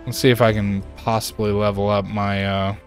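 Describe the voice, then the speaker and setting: A man streaming a game and chatting casually, ranting in an animated way and jumping to high exclaims. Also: moderate pace, soft background music. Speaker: gaming streamer. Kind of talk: casual chat while playing a game.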